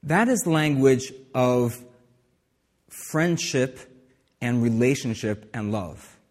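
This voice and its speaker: A man's voice: medium pitch, lively intonation, slow, a little mellow. Male pastor, casual preaching style with restarts, recorded in a reverberant hall. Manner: conversational preaching with asides and restarts. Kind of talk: sermon.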